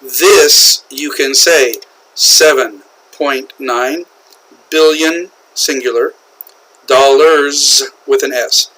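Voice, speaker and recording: A man with an American accent teaching English usage, explaining slowly and repeating key phrases, often checking in with "okay?". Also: medium pitch, fairly even intonation, pushed and bright, rough recording. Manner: slow, repetitive explaining with frequent "okay?" checks. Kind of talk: classroom lecture on English usage.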